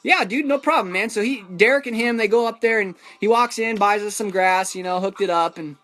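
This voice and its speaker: A man's voice: sits high, fairly even intonation, a little fast, fairly bright tone. A man casually telling a story about his own travels, rambling with lots of fillers and chuckles.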